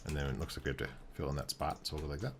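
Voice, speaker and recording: A man with a very deep, low voice talks through a building project in a game, thinking aloud as he goes. His delivery is relaxed and halting, with fillers and restarted phrases. A faint hum sits in the background. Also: vocal fry. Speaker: game streamer. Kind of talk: casual commentary while building in a game.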